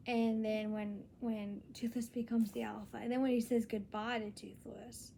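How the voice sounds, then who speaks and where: A woman's voice: a little high, flat delivery, normal speed, gravelly, few pauses, dark tone, a little hiss or hum. A young woman talking in a casual solo vlog, earnest and rambling, with many restarts. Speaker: vlogger.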